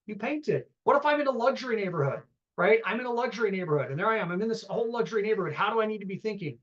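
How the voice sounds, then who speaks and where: A man's voice: sits high, lively intonation, rapid-fire, fairly bright tone, dull audio. A man teaching a live real estate seminar, telling stories and acting out both sides of phone calls, often asking the room questions.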